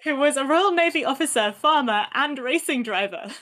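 A woman co-hosting a casual chat, giggling often and filling pauses with ums. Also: high-pitched, animated, a bit bright. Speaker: podcast co-host.

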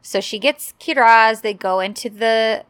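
A woman's voice: on the high side, measured pace, fairly bright tone, clear, resonant tone, dry recording. A woman co-hosting a casual chat, animatedly retelling scenes and acting out the characters' lines. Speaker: podcast co-host recapping a drama.

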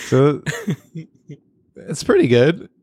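A man's voice: medium pitch, a little mellow, no echo. A man co-hosting a casual podcast, reading comic strips aloud and laughing often. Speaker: podcast co-host. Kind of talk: casual chat.

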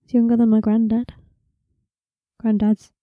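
A woman co-hosting a casual podcast, chatty and quick with short reactions and dry quips. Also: on the high side, monotone, no echo, phone-quality sound. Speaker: podcast co-host.

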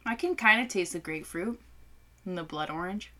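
A woman's voice: fairly low pitch, brisk. A young adult woman chatting casually as a beer-review co-host, telling stories and swearing freely. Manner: lively, profane storyteller. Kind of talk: casual chat.

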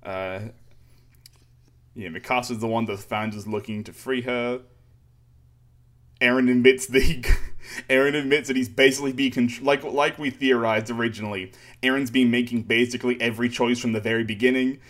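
A man's voice: medium pitch, fairly even intonation, moderate pace, a bit bright. A man casually recapping a manga chapter on a podcast, rambling with fillers and sarcastic asides. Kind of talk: casual chat.

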